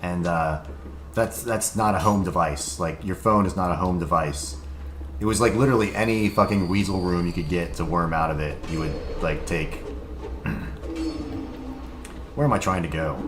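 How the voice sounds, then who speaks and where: A young man with a low, deep voice chats loosely while playing a game on stream, rambling with plenty of "like" and frequent swearing. His voice comes through an echoey room with a faint hiss of background noise. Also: fairly even intonation, moderate pace, pauses often. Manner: rambling, profane, lots of filler words. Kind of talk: casual gaming livestream chat.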